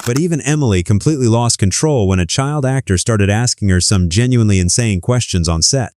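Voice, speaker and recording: Low-voiced man narrating, dry close sound. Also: fairly quick, a little mellow, no room sound. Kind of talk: scripted narration.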